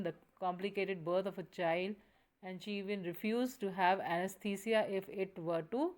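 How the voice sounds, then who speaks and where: Slow-paced woman explaining a story. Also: medium pitch, a little mellow. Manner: slow, with restarts and self-corrections. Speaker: teacher. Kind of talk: reading and explaining a story text.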